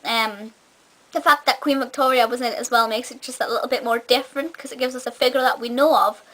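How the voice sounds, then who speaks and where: A woman's voice: on the high side, fairly even intonation, quick pace, sharp tone. Chatty woman with a part-Scottish accent. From Scotland. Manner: chatty, enthusiastic, many fillers and restarts. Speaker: film reviewer. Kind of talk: casual review vlog.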